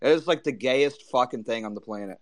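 A man's voice: mid-range voice, fairly quick. A man co-hosting a casual podcast chat, heated and mocking, swearing often and filling gaps with "like". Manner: profane, heated and mocking, with many fillers.

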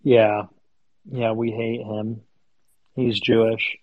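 A man's voice: fairly low pitch, little pitch movement, slow pace, muffled recording. A man talking in a casual podcast chat as an online commentator, rambling and crude, with lots of fillers.

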